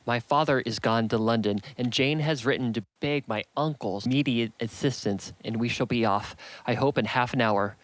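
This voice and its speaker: An earnest, urgent young gentlewoman from a classic novel, read by a man in his own mid-pitched voice. Her lines come out plain and unadorned, with no put-on voice. It sounds dry and close, with little room sound. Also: moderate pace, dry recording, close to an everyday voice, rough recording. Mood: distressed. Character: distressed young woman, genteel heroine. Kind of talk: audiobook character reading.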